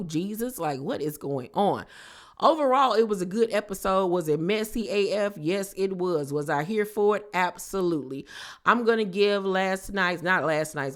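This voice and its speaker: A woman recapping a reality TV episode in a casual, animated, gossipy way, with slangy exclamations. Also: on the low side. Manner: animated, gossipy retelling with acted-out quotes.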